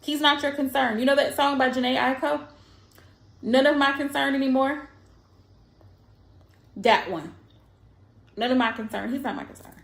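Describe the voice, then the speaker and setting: Woman, high voice, tarot reader giving casual advice. Blunt and emphatic, repeats her points. Echoey room. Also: moderate pace, vocal fry, long pauses.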